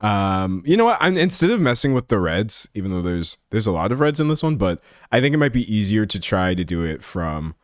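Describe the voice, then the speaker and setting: A man's voice: fairly low pitch, sing-song, a little fast, few pauses, no room sound, studio quality. A young man chatting casually on a live stream, talking to his chat in a self-deprecating way and laughing often. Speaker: livestreamer.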